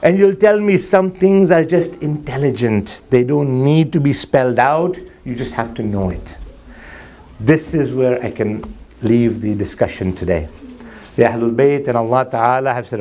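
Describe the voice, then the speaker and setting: A man's voice: mid-range voice, moderate pace. A man preaching a sermon to a congregation, joking with the audience and acting out little dialogues. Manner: animated, jokes with audience, acts out dialogue. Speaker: Muslim preacher. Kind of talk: sermon with anecdotes. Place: mosque hall before a crowd.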